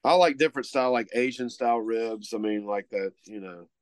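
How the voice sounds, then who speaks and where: A man's voice: medium pitch, brisk, smooth, no echo. A man co-hosting a casual chat, rambling with lots of fillers and restarts. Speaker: co-host, meat market owner.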